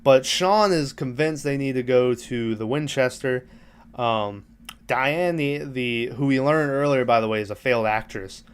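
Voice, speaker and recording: A man's voice: medium pitch, measured pace, smooth. Casual profane man recapping a film. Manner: rambling, profane, laughs while retelling scenes. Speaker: podcast host.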